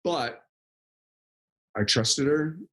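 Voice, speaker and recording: A young man appears as a podcast guest in casual conversation, rambling with lots of fillers and laughing frequently. His voice is fairly high, a bit bright and expressive, and he speaks very slowly.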